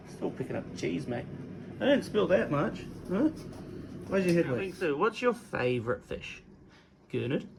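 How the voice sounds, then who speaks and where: Gravelly-voiced man joking through a cooking vlog. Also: medium pitch, a little mellow, slight background noise, poor audio. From England. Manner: joking, self-mocking, talks to his dogs. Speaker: cooking vlogger. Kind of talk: casual home cooking vlog.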